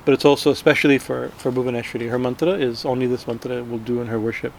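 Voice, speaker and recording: A man at a middle pitch gives a scripture class, wandering through his points with restarts and a habit of asking "right?". Faint vehicle noise sits behind his voice. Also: flat delivery, fast talker, vocal fry, a little mellow, poor audio. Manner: rambling, frequent "right?" tags and restarts. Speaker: spiritual teacher.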